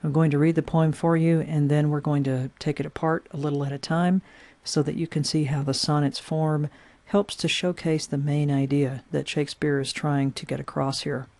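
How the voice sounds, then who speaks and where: A woman's voice: low-pitched, flat delivery, normal speed, dark tone, no echo. A woman teacher explaining sonnet form step by step in a recorded lesson, with frequent "uh" fillers.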